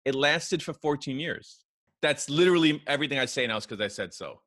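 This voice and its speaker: Bright-voiced joking male podcast host. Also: a little high, lively intonation, brisk, no room sound, clean studio sound. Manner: joking, self-mocking, rambling questions. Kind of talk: casual podcast chat.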